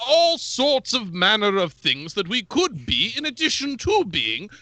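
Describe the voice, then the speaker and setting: A pompous bureaucrat rambles through legal citations in a fussy, officious tone, put on by a man. The voice is high, very bright and lively in pitch, and it is recorded close and dry. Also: a little slow, no echo, heavily acted. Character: pompous male bureaucrat citing space law.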